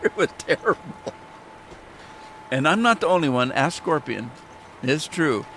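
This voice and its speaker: A man's voice: fairly high pitch, lively intonation, a little slow, a bit bright, slight background noise. A man chatting casually on a live stream, talking candidly and rambling with frequent restarts.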